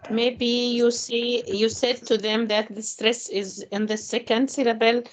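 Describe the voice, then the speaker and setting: A woman's voice: fairly high pitch, flat delivery, unhurried, slight background noise. Hesitant woman, native Arabic speaker. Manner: hesitant, many fillers. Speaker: webinar moderator. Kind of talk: online webinar discussion. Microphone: video call.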